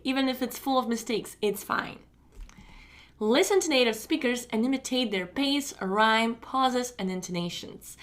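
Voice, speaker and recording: A woman's voice: fairly high pitch, a bit bright. Woman teaching English speaking. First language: Russian. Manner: encouraging, repetitive, measured with pauses. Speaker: English test-prep teacher. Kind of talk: recorded online lecture.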